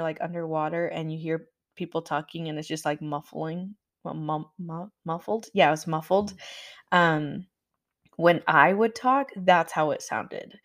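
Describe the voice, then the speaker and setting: A young woman hosting a podcast, telling a personal story in a candid, chatty way with frequent fillers. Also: on the low side. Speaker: podcast host.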